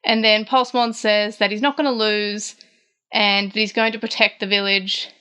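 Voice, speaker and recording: With a level tone and moderate pace, this Australian woman recaps a manga chapter on her casual show, lifting her voice for quotes as she retells scenes. Her mid-range voice is bright, forceful, and smooth. Her delivery is chatty, with frequent fillers and restarts.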